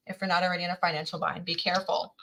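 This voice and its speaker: A woman's voice: on the low side, flat delivery, racing, pushed and bright, a little hiss or hum, low-quality recording. A middle-aged woman chatting casually as she gives a tarot reading on a livestream, folksy and exclamatory. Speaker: tarot reader.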